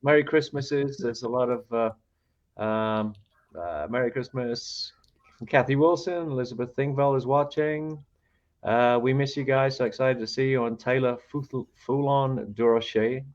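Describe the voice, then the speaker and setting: A man co-hosting a podcast, reading out listener comments in a halting way with many fillers. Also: mid-range voice, steady tone, lo-fi sound. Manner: halting, reads names out with fillers. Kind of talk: casual chat.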